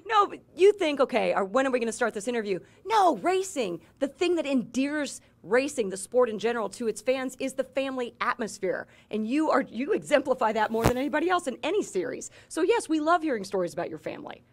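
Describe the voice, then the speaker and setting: A woman co-hosting an interview, bantering in a brisk, teasing, emphatic way. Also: high-pitched, sing-song. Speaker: co-host.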